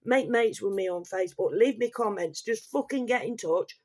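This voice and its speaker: A woman's voice: medium pitch, animated, moderate pace, a little mellow. A woman delivering a heated, sweary rant straight to her viewers in a vlog. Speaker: vlogger. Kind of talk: ranting vlog monologue.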